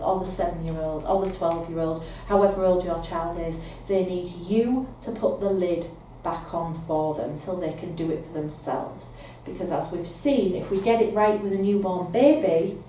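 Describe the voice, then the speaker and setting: Speaking to foster carers in a training session, this Northern English woman explains things patiently and keeps asking "okay?". She has a lowish, warm voice, and there's slight background noise. The room echoes, the mic is far off, and faint ambience lingers.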